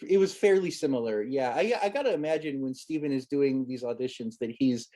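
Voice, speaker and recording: A man in his thirties, a former child actor appearing as a guest, tells stories from his childhood acting days in a casual storytelling interview. He rambles with amusement and many restarts, in a mid-range, animated voice that's fairly quick and dark in tone.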